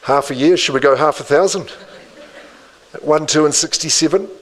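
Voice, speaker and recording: A man's voice: fairly high pitch, rough recording. New man calling a live auction. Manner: rhythmic patter repeating bid figures with quick asides. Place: indoor auction room.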